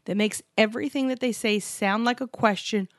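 A woman co-hosting a podcast about couples in business, talking in an animated, emphatic way and sometimes acting out other voices. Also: on the high side, a little fast, no room sound, studio quality. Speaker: podcast co-host. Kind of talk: casual chat. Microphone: podcast microphone.

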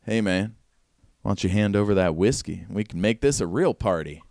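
A man voicing an eager, friendly young male gunslinger in a tabletop game, with a raised pitch and fast talk. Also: lively intonation, vocal fry, a little mellow. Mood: easygoing.

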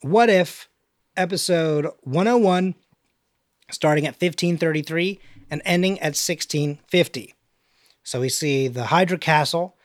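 A chatty young man with a slightly higher voice than most men hosts a casual podcast. He reads from his notes, breaking off for quick asides. The sound is close and dry. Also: dry recording. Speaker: podcast host. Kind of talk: casual chat and script read-through.

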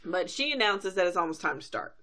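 A woman's voice: on the low side, lively intonation, fairly quick, sharp tone. A woman co-hosting a podcast, recapping a cartoon episode in chatty storytelling, now and then acting out quotes. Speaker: podcast co-host.

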